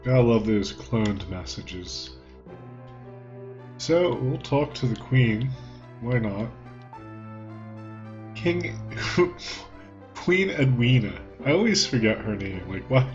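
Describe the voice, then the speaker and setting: A man's voice: mid-range voice, lively intonation, takes it slowly, long pauses. A man joking his way through a video game playthrough in a wry, rambling way, recorded on a home desk mic with button clicks. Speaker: let's play host. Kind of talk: casual gameplay commentary. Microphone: desk mic at home, button clicks audible. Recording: dull lo-fi with game music.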